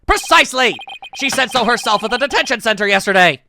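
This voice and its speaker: A man's voice: extremely high pitch, expressive, fast talker, gravelly, pitched above the performer's own voice, full character voice. A man doing a blustering pompous teacher. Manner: blustering, indignant, theatrical. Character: pompous shouting middle-aged male teacher. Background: game music.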